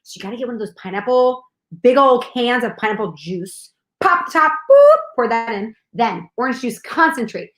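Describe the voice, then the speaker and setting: A woman chatting casually on a livestream, bubbly and excitable, talking straight to viewers. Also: fairly high pitch, brisk. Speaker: co-host. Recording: echoey room.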